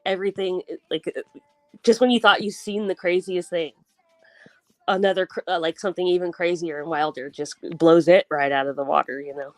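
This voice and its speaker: A woman's voice: fairly low pitch, fairly even intonation, a little fast, no echo. A woman hosting a casual livestream chat, rambling with restarts and laughing often. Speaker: livestream host.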